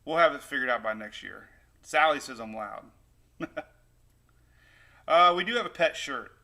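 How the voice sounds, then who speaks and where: On a casual weather livestream, a man rambles upbeat as he chats with his viewers. His medium-pitched voice is creaky with a sharp tone, lively in intonation and at a normal speed, picked up by a new desktop microphone.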